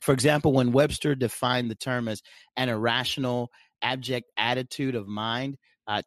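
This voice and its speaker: Male podcast co-host, halting and repetitive, mid-pitched, dry studio sound. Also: no room sound. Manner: hesitant, repeats words while thinking. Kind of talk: Christian podcast discussion.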